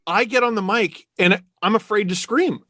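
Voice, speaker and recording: Male podcast host from Ontario: high-pitched, sharp tone, animated storyteller who swears freely. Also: moderate pace, dry recording. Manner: animated storyteller, swears, gets loud and indignant. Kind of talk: casual podcast chat.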